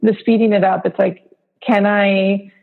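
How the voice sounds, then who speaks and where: A woman's voice: mid-range voice, flat delivery, measured pace, creaky. A woman in her thirties from Hawaii, a food blogger chatting as a podcast guest, full of fillers and easy laughs. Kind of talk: casual interview chat. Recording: phone-like remote line.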